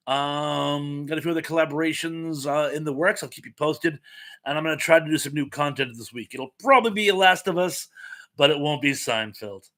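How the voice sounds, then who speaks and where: Pollen has left this live stream host's voice slightly scratchy, and it sits a little high, sounding pushed and bright. In a chatty way, he reads out comments from his viewers, saying "um" a lot.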